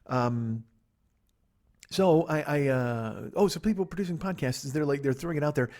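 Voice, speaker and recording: A man's voice: fairly high pitch, darkish tone. A middle-aged man from Chicago hosting a solo podcast from a living room, rambling and profane, stifling yawns as he talks. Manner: rambling, profane, self-mocking, rushes without pausing. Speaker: podcast host. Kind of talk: solo casual monologue. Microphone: laptop and microphone.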